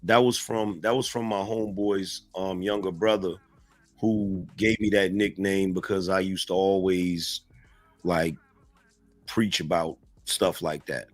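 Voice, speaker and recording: Slangy low-voiced man, dry sound. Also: a little slow, no echo. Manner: relaxed, slangy street talk. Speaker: interview guest, online commentator. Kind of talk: casual storytelling in an interview.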